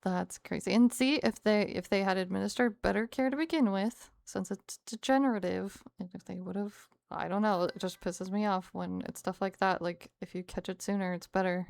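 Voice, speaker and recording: Young woman streamer, gravelly voice. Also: mid-range voice, normal speed, hardly any pauses, no echo, studio quality. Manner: animated, frequent laughs, lots of "like". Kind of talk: casual storytelling to chat.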